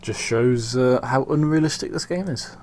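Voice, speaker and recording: A man's voice: mid-range voice, normal speed, a little mellow, a little hiss or hum. Wry young man commenting on a game. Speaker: channel host.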